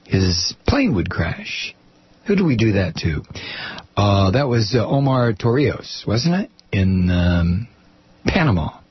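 A man's voice: lowish voice, very animated, slow pace, husky, dry recording, highs cut off. A man hosting his own program, delivering a blunt, sarcastic, rambling political commentary monologue.

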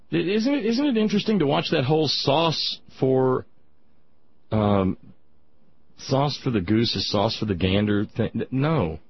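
A man's voice: mid-range voice, a little hiss or hum. A man hosting political talk radio, rambling and sardonic, with many restarts. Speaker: radio talk show host. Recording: dull lo-fi broadcast sound.

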